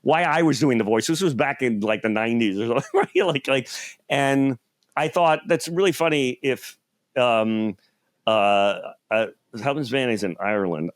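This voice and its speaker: Rambling, animated male comedian host. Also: mid-range voice, dry recording. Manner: rambling, animated storytelling with laughs. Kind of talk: casual chat.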